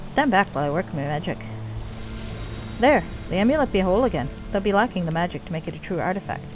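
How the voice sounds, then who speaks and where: A woman voicing a gruff male dwarf clan leader, weary of endless war, in a put-on Scottish accent. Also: lowish voice, animated, fast, over music, close to an everyday voice, rough recording. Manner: gruff, archaic folksy dwarf speech. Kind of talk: reading game dialogue aloud.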